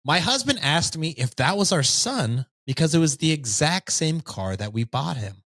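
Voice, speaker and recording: Lively man reading a story aloud. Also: on the high side, normal speed, no room sound. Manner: lively, reads with jokey asides. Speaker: podcast host reading stories.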